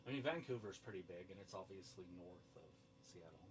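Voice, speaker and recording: A man's voice: low voice, lively intonation, a little fast. A man co-hosting a casual livestream chat, making dry, teasing remarks. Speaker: co-host. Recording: slightly distant mic with faint noise.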